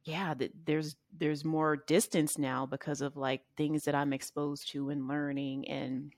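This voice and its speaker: A woman's voice: low voice, little pitch movement, a little slow, darkish tone, dry recording. A woman in her forties, a life coach guest on a podcast, talking reflectively in casual conversation with frequent fillers. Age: 40s.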